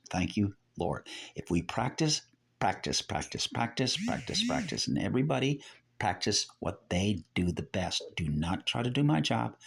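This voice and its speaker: A man's voice: low voice, vocal fry, slightly rough. An older man giving rambling religious teaching. He repeats phrases and keeps correcting himself.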